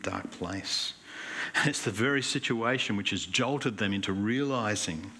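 Man, pastor, earnest sermon delivery, low-pitched but bright, light hiss behind. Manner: earnest, emphatic preaching with animated anecdotes. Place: church hall.

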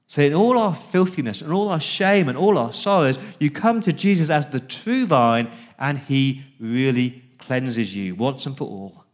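Male pastor, sermon delivery, earnest, a touch high-pitched. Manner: earnest preaching, drops to a hush on key words; reads scripture slowly and deliberately.

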